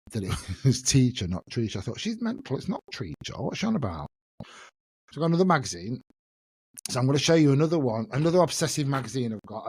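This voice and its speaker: A man hosts a casual solo podcast, rambling and laughing at himself as he goes. His voice sits at an everyday middle pitch. The sound is dry and close, with no room echo. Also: darkish tone. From England. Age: 50s. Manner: chatty, self-mocking, laughs often. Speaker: podcast host.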